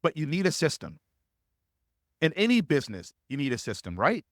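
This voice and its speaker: A man's voice: on the high side, wildly swooping pitch, normal speed, dry recording. Emphatic man coaching in a dry voice. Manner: emphatic, repeats key phrases for stress. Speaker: sales coach. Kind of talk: live webinar teaching.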